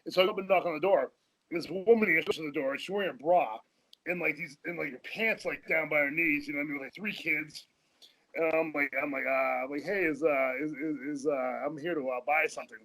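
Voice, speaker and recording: A man's voice: a little high, fairly quick, fairly bright tone, rough recording. A man telling rambling, profane stories as a guest in a casual interview, often laughing mid-sentence. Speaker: podcast guest.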